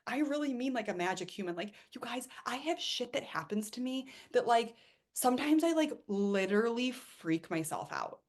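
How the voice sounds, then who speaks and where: A female coach delivers a forceful, lively pep talk at a medium pitch, cursing casually and acting out little asides.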